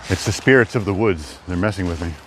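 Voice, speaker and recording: A man rambles to his live-stream viewers while hiking a wooded trail. His voice sits fairly low. Faint outdoor noise and the odd passing car sound behind him. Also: fast talker. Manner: rambling, chatty, talks to chat. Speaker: livestreamer. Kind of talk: live-stream walking vlog. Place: outdoors in woods.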